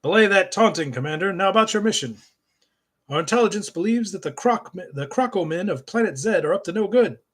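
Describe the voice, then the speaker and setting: A man's voice: high voice, expressive, brisk, fairly bright tone, slightly rough, pitched above the performer's own voice, exaggerated voice. A man voicing a blustery, middle-aged male space commander giving a pompous briefing. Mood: commanding.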